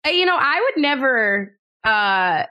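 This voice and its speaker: Bright, higher-voiced wry woman. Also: sing-song, measured pace. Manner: wry, playfully combative storyteller. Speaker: podcast co-host. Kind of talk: casual podcast chat.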